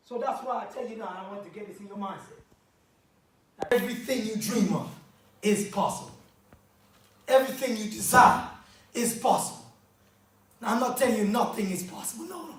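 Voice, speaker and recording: A man with a very high voice and a London accent preaches to a conference crowd, repeating his lines and calling for answers, often rising to a shout. He is heard from a distance in a booming, echoing hall. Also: lively intonation, brisk. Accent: London English. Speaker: motivational speaker. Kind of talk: motivational conference speech. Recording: echoey hall, distant mic.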